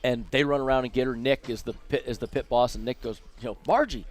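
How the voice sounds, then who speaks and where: A man's voice: mid-range voice, fast, hardly any pauses. Storytelling man from Las Vegas. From Las Vegas, USA. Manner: lively anecdotes, acts out quoted people. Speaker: guest. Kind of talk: casual storytelling over dinner. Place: restaurant inside a casino.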